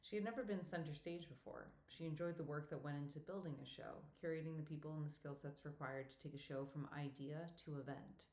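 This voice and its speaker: A woman with a low voice reads an audiobook in an even, measured way. The recording has a roomy echo around her narration. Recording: echoey room.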